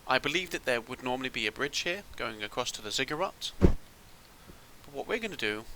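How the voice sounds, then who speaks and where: A man's voice: medium pitch, lively intonation, a little fast, bright, forceful tone, slight background noise, low-quality recording. A man giving casual gameplay commentary as a channel host, thinking aloud and rambling with restarts.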